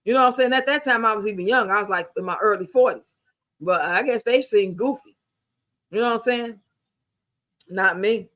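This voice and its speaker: Blunt, bright-voiced woman in her fifties. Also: mid-range voice, fairly quick, long pauses. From United States. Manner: blunt, profane, emphatic storytelling. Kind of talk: casual chat.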